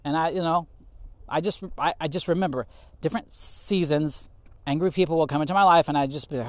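A man giving a casual podcast sermon on scripture, animated and laughing often as he acts out quotes. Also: a little high, brisk, no echo. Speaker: podcast Bible teacher.

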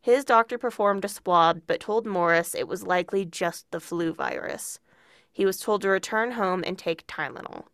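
A woman's voice: medium pitch, moderate pace, fairly bright tone, no room sound, studio quality. Woman narrating a true crime podcast. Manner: reads prepared narration, casual asides. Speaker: podcast co-host.

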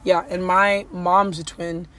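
A woman's voice: on the low side, little pitch movement, takes it slowly, fairly bright tone. Chatty, teasing woman podcast host. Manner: chatty, teasing, rambling with many likes. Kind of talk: casual couple chat.

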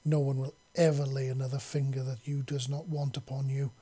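A man voicing a huge, tender female beast-woman who speaks softly in broken grammar. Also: mid-range voice, flat delivery, fairly quick, husky, lightly acted. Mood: protective. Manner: soft-spoken, broken grammar.

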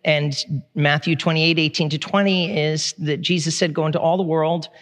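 Pastor preaching in an echoing hall. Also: male voice, on the high side, steady tone, normal speed, fairly bright tone. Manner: candid, conversational, with frequent fillers and restarts. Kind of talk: sermon. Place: church sanctuary. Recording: long reverb of a large hall.

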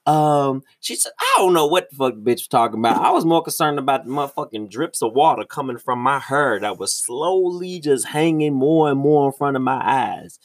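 A young man telling a story in a casual, profane ranting monologue, with his voice jumping high when he gets exasperated. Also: expressive, a little fast, hardly any pauses, dry recording, studio quality. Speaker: vlogger.

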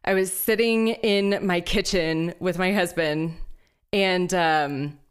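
A woman's voice: fairly low pitch, slow pace, clear, resonant tone. A woman from Houston chatting casually as a guest, laughing often and stopping to hunt for words. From Houston, Texas. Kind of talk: casual chat.

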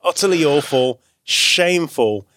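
A man hosting a podcast, reading out fan reviews in a dry, deadpan way during casual banter. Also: fairly high pitch, measured pace, no echo.

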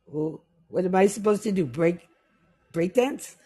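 Slow, breathy middle-aged woman telling stories. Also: fairly low pitch. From West Indies. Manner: animated, acts out the people in her stories. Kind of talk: casual storytelling chat.

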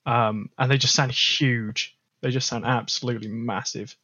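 A man's voice: mid-range voice, steady tone, normal speed, bright, forceful tone, husky, no room sound, dull audio. A man, a band's guitarist, telling a story in a casual chat, with lots of fillers. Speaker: guest guitarist.

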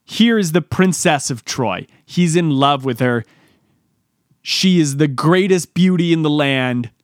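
A man, telling a comedic story in a rambling, animated way and acting out the quotes. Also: on the high side, measured pace, no echo, clean studio sound.

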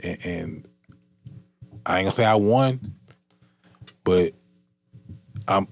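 A man in casual podcast chat, animated and profane, repeating himself. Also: sits low, slow, creaky, no echo, soft background music.

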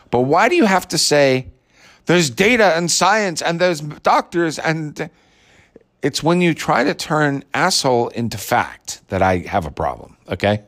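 A man delivering a blunt, sarcastic, profane ranting monologue as a commentator. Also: mid-range voice.

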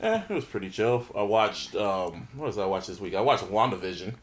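A man's voice: lowish voice, big pitch swings, brisk. A man co-hosting a casual podcast, talking loosely with plenty of swearing and hype. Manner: loose, profane, hyped. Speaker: podcast co-host.

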